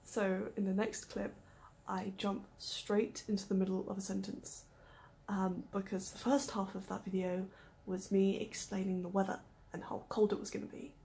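A young woman chatting casually in a vlog, often dropping into a hushed whisper and joking at her own expense. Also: medium pitch, little pitch movement, moderate pace, creaky, slight background noise. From United Kingdom. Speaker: vlogger. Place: indoors in a small warm room, then outdoors in snow and wind. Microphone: handheld camera mic.

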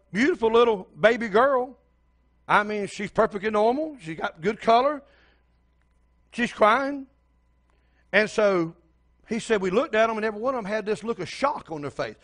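A man's voice: very high voice, fairly bright tone. An older man preaching a sermon as pastor, telling a story and speaking straight to the congregation.

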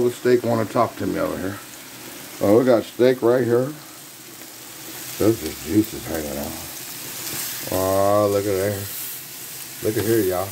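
A man's voice: fairly low pitch, gravelly, background noise. A man hosting his own home cooking video, hyped up and talking straight to his viewers in a casual way from his kitchen.

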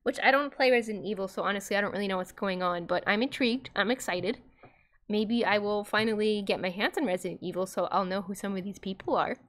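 A woman's voice: medium pitch, fast talker, a bit bright. A young woman streaming a horror game, giggling and easily spooked as she comments on her play.

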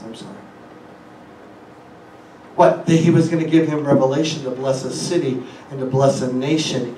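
A man's voice: medium pitch, darkish tone, reverberant, recorded from a distance, slight background noise, rough recording. A man preaching a sermon as a guest speaker, asking the congregation rhetorical questions and quoting scripture. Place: church hall.

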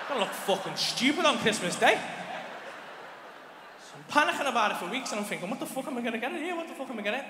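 A young male comedian with a Liverpool accent tells a story on stage, excitable and swearing constantly. His voice sits high and races along. The live club recording is echoey, with a long hall reverb and clear audience noise. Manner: excitable, profane, rambling. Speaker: stand-up comedian.

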